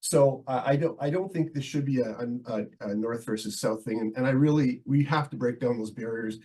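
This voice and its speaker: A male town councillor speaking in a council debate, nursing a head cold and losing his voice, talking haltingly with many fillers and restarts. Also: mid-range voice, mellow, slightly rough, low-quality recording. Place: council meeting.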